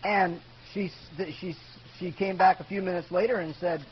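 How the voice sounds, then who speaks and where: A male pastor preaching emphatically, calling out "amen" to the congregation and swinging from loud to hushed. The recording is dull and lo-fi, with a faint hum. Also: high voice, steady tone, moderate pace, few pauses. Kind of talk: sermon.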